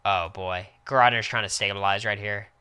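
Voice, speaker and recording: A man's voice: lowish voice, clear, resonant tone. A young man giving casual, reactive play-by-play commentary on a live stream. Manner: quick, reactive play-by-play with excited outbursts.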